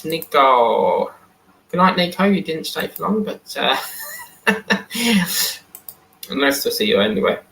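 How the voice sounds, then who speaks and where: A man's voice: medium pitch, vocal fry, sharp tone, slight background noise. A man hosting a live stream in casual chat, reading and answering viewer comments aloud. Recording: echoey room.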